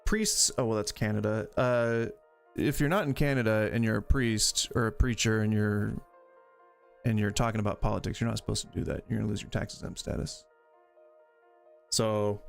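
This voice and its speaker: A man's voice: fairly low pitch, moderate pace, creaky, long pauses, faint music behind. A man hosting a live stream, giving casual, opinionated reaction commentary and arguing his points in long, rambling stretches. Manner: opinionated, argumentative, rambles with restarts. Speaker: streamer host reacting to videos.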